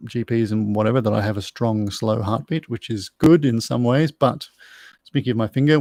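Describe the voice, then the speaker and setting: A man's voice: fairly low pitch, gravelly, a little mellow, dry recording. A middle-aged Australian man hosting a pub quiz, reading out answers in a chatty way and spelling out words as he goes. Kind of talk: live-streamed trivia answers, casual chat.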